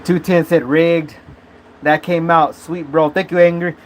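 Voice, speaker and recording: A man's voice: fairly high pitch, level tone, a little slow, slight background noise. A man hosting a casual live stream, talking loosely with slang and cursing, filmed on his phone. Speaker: livestream host.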